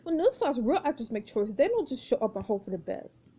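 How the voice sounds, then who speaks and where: A woman's voice: on the high side, big pitch swings, brisk, dark tone, breathy edge, heavily acted. A woman voicing a snippy, jealous rival actress in a story game, curt and condescending. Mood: scornful.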